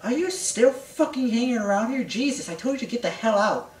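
Someone putting on a demanding young fish princess full of crude scolding. The pitch leaps around. Heard from a distance in an echoey room with faint hiss. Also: lively intonation, brisk, natural voice. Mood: bossy. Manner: crude, mocking. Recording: roomy distant mic with hiss.

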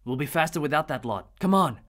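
A man voicing a scheming male commander in an audio drama, giving orders briskly. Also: fairly high pitch, animated, fairly bright tone. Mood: commanding.

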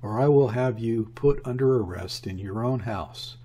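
A man's voice: medium pitch, moderate pace, mellow, breathy edge, lightly acted. A man voicing a stern, impatient naval officer who talks in curt commands, in an audiobook reading.

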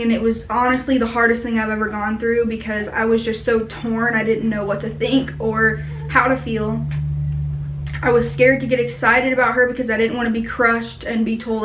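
A young woman, a mother, speaking earnestly in a personal vlog, with many pauses and fillers. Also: on the high side. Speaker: mother sharing her baby's story. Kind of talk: personal vlog talking to camera. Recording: echoey room.

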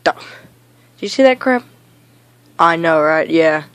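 A woman doing a comedic gaming rant, bossy and exasperated, shouting directions at a teammate while insisting she is not yelling. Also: low voice, expressive, slow pace, no room sound. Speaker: gamer in a comedy skit.

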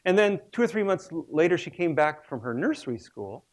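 A man's voice: fairly high pitch, sing-song, fairly quick. A man in his sixties, a research biologist, giving a public lecture with humorous storytelling.

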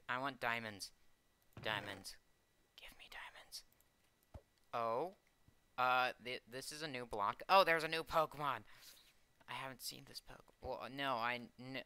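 Bright-voiced man rambling through gameplay. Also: medium pitch, clean tone. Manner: rambling and hesitant, full of "um" and "oh", easily delighted. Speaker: gaming channel host. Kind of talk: casual gameplay commentary.

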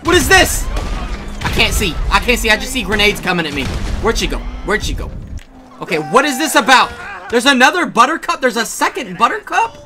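A man giving excited gameplay commentary, shouting and reacting fast as he plays. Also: very high-pitched, music in the background. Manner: hyped, shouting at the game, quick reactions. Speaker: gaming YouTuber.

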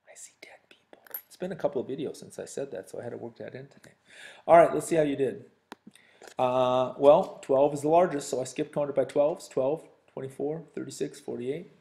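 A man's voice: medium pitch, fairly quick, vocal fry, warm tone. A man teaching a recorded sixth-grade math lesson, talking straight to his students in a chatty, joking way. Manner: chatty, addresses students directly, jokes.

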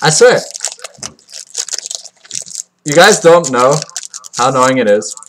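A man doing crude, excitable unboxing commentary into a cheap computer mic, swinging from loud yelps to low mumbling and mocking himself. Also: slow pace, a little hiss or hum. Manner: crude, joking self-mockery. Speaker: card unboxing vlogger. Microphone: cheap computer mic that cuts out.

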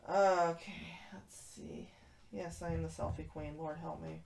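A woman's voice: low voice, fairly even intonation, a little slow, gravelly, darkish tone. A woman hosting a casual livestream from a kitten room, chatting and answering viewers' messages as she goes. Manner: chatty, reads and answers chat aloud. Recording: echoey room, far from the mic, noisy.

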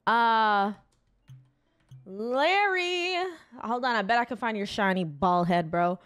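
A woman's voice: mid-range voice, brisk, faint music behind. A young woman gaming streamer giving casual, slangy commentary and talking to herself as she plays. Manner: slangy, chatty, talks to herself.

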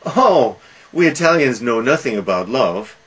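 A man's voice: fairly low pitch, animated, unhurried, fairly bright tone, breathy edge, exaggerated voice, low-quality recording. A man voicing a sarcastic Italian court composer in a retold film scene.

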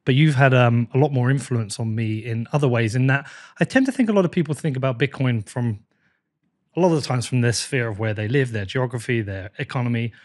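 A man's voice: mid-range voice, a little fast, a little mellow, dry recording. Man hosting a casual interview, dry sound. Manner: casual, rambling questions. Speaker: podcast host. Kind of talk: conversational interview.

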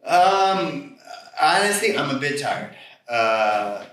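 A man performing improvised comedy on a club stage, flustered and halting, often laughing. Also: on the high side, sing-song, fairly bright tone. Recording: echoey club, distant mic, faint noise.

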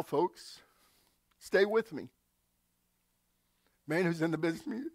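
A man's voice: high voice, a little slow, long pauses, no room sound, studio quality. A male pastor preaching a sermon, telling stories and acting out quotes with asides to the congregation.

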